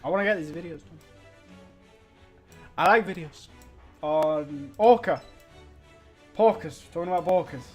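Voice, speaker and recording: A man's voice: fairly high pitch, a little slow, pauses often, faint music behind. A young British man in his twenties streaming a game, chatting casually in a mock-boastful, provocative way and laughing at his own jokes. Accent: British English. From Britain.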